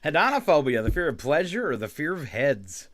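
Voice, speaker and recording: A man hosting a morning radio show, running a trivia quiz in casual banter. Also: a little high. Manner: lively quizmaster, reads trivia and headlines briskly.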